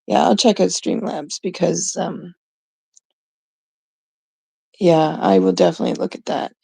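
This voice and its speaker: A woman's voice: lowish voice, fairly even intonation, unhurried, vocal fry, warm tone, slightly rough, no room sound. A middle-aged woman from Canada ranting casually and profanely to her viewers. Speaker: vlogger. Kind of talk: casual rant to camera.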